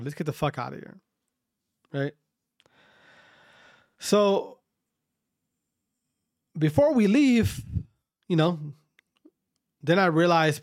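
A man's voice: sits high, dry recording, studio quality. A man casually telling a long story to his viewers, rambling, repeating himself and swearing often.

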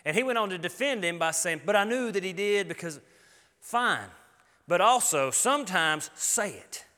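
A man's voice: sits high, animated, normal speed, sharp tone. A middle-aged man, preaching a sermon in an earnest, folksy, emphatic way. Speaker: pastor. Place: church sanctuary. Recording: long hall reverb.

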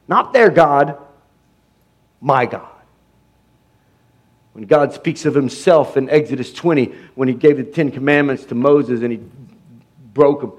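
A man preaches to his congregation. He leans on rhetorical questions and repeated phrases, and his delivery ranges from hushed to loud. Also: on the high side, slightly rough. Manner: preaching with rising intensity, repetitive rhetorical questions. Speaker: pastor. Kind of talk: sermon.

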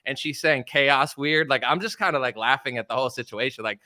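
Bright-voiced laid-back podcast host. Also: male voice, medium pitch, animated, fast, no room sound, clean studio sound. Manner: laid-back, laughs often, mimics newscasters. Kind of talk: casual podcast chat.

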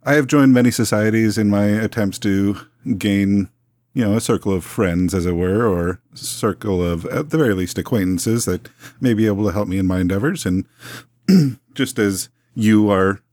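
A man voicing a pompous, smooth-talking 1920s museum owner with florid, long-winded speech in a tabletop role-play. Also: lowish voice, moderate pace, a little mellow, dry recording, studio quality, natural voice. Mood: suave.

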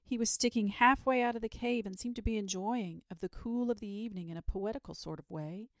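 A woman's voice: mid-range voice, a little fast, no echo, clean studio sound, pitched above the performer's own voice, natural voice. A woman voicing a frightened middle-aged male shepherd who speaks in agitated, rustic country talk.

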